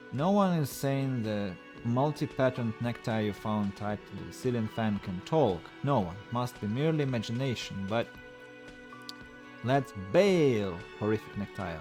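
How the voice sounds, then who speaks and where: Dude streaming a game, reads the text out loud, chuckles and chats, medium voice, light music in the back. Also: male voice, mid-range voice. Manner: casual, chuckling, reads narration aloud and comments. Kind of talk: live-streamed gameplay, reading game text aloud.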